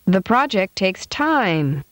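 A woman reading short example sentences slowly and with careful, exaggerated intonation. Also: medium pitch, sing-song, no echo. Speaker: model speaker for drills. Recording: dry studio voice-over.

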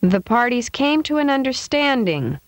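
Woman enunciating drill sentences, lively pitch. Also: dry recording. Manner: slow, carefully enunciated, exaggerated intonation. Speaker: model speaker for drills. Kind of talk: reading example sentences. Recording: dry studio voice-over.

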